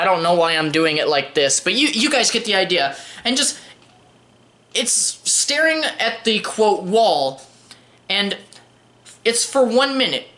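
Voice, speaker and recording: A young woman talks through a film review in an offhand, sarcastic way, tripping over words and starting again. Her voice is bright and a little sharp, and it bounces around a roomy, echoey space. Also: mid-range voice, big pitch swings, unhurried, long pauses. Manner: wry, sarcastic, stumbles and restarts. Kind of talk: casual spoken movie review.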